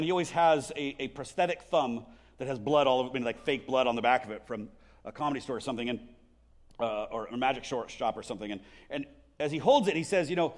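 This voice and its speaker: A man preaching a sermon as a pastor, earnest and exhorting, often repeating words as he goes, and leading a closing prayer. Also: medium pitch. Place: church service.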